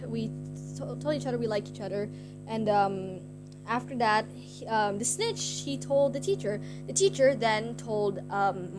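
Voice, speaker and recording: A young woman streamer with a high voice tells her chat a story in a loose, rambling way, full of "like" fillers. She sounds giggly and self-conscious. Guitar music plays clearly behind her. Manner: rambling, heavy use of "like" fillers.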